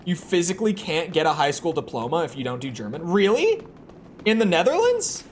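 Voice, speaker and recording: Brisk and sing-song, this young man from the United States has a fairly high voice. He talks casually to his stream chat, wandering off topic and tripping over his words, often repeating them at the start of sentences, while background noise is clearly heard.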